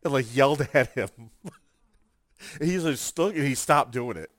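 A man's voice: mid-range voice, normal speed, no room sound, clean studio sound. A man co-hosting a casual chat show, telling stories with energy and acting out other people's lines. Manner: animated storyteller, acts out quotes. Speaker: podcast co-host.

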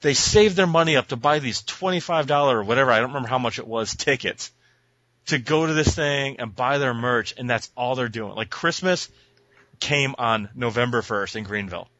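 A man's voice: mid-range voice, a little fast, sharp tone, dry recording, muffled recording. A man co-hosting a casual podcast, telling an exasperated, profane story and acting out the voices in it. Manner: profane, exasperated, acts out voices in his stories. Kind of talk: casual chat, ranting storytelling.

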